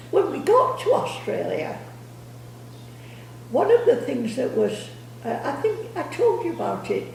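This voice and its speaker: A woman's voice: high-pitched, vocal fry, dark tone, a little hiss or hum. An older woman telling rambling family stories, repeating words and laughing as she goes. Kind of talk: casual storytelling. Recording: echoey room, distant mic.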